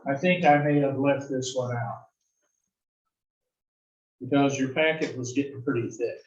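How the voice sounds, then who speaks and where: A man teaching an algebra class, explaining slowly and answering his own questions as he goes. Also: mid-range voice, reverberant, far from the mic, dull audio. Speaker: math instructor. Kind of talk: recorded classroom lecture.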